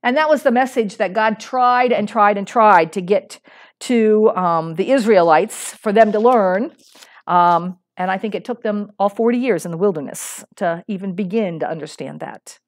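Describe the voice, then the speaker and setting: A middle-aged woman pastor giving a sermon in a conversational way, with fillers and restarts. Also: normal speed. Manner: acts out a small boy's lines in a higher voice when telling a story.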